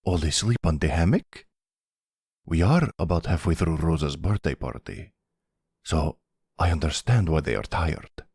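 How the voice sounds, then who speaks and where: A man's voice: extremely low pitch, animated, a little slow, darkish tone, slightly rough, no room sound, clean studio sound, heavily acted. A man voicing a playful young adult son who narrates mock-formally while filming, in an ASMR boyfriend role-play.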